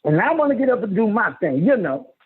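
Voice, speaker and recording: A man musing and half-singing in a slow, rambling spoken monologue about love and meaning, with sudden leaps into a high voice. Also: big pitch swings, slightly rough. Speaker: self-styled spiritual teacher. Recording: phone-quality lo-fi audio.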